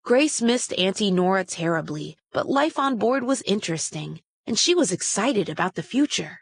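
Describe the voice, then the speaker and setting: A woman reading a children's story aloud in a steady, expressive way. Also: medium pitch, moderate pace, husky, no room sound. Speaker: storybook reader.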